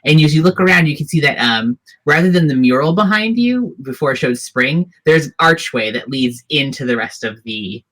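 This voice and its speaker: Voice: medium pitch, lively intonation, normal speed, few pauses, a bit bright. A game master narrating a tabletop role-playing scene in detail, with frequent fillers and restarts. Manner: descriptive, hesitant with fillers.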